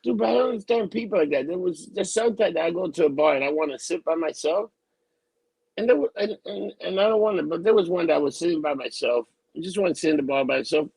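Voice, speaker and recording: A man's voice: on the high side, fast, gravelly, a little mellow, husky, dry recording, low-quality recording. A man co-hosting a podcast, venting bluntly and with lots of swearing in casual chat. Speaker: podcast co-host.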